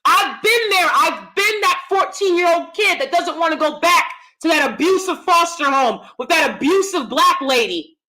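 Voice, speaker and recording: A woman's voice: extremely high pitch, animated, normal speed, few pauses, sharp tone. A woman hosting a commentary vlog, who speaks emphatically and often asks her viewers questions directly. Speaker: channel host; theater actor.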